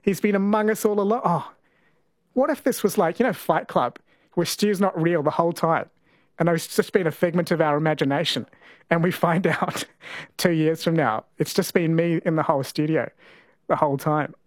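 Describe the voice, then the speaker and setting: A talkback radio host, a man with a slightly high voice, keeps things loose and playful as he quizzes callers. He talks into a studio mic that sounds close and dry. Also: normal speed, no room sound. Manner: playful, chatty, laughs easily. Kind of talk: talkback radio chat and quiz.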